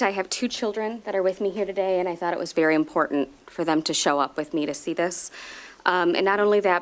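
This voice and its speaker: Earnest woman telling a personal story. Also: on the low side. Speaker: parent speaking at public comment. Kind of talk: personal testimony at a public meeting. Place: school board meeting room.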